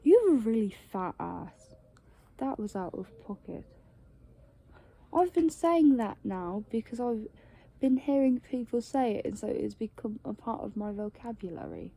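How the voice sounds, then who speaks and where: A woman's voice: a little high, expressive, measured pace, gravelly, mellow, husky. A tired woman talking in a casual, rambling monologue, full of "like" and the odd swear word. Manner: meandering, heavy use of "like" and swearing.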